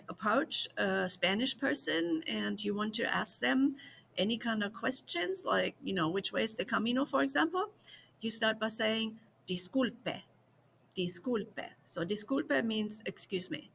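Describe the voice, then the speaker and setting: A woman from the United States giving a slow repeat-after-me language lesson, drilling each phrase several times for the viewers. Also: on the high side, creaky, a bit bright, a little hiss or hum. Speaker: language teacher.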